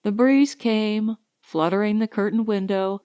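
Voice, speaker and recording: A woman narrating an audiobook in a slow, expressive reading voice. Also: medium pitch, clear, resonant tone. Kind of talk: scripted narration.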